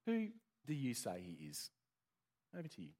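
Guy preaching in church, animated ups and downs, cracks jokes, asks the crowd stuff. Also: medium pitch, normal speed, slightly rough. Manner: lively, joking, asks the congregation questions. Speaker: pastor. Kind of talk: interactive sermon.

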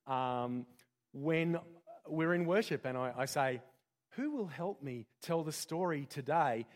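A pastor giving a conversational sermon full of rhetorical questions. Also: male voice, fairly high pitch, animated, takes it slowly.

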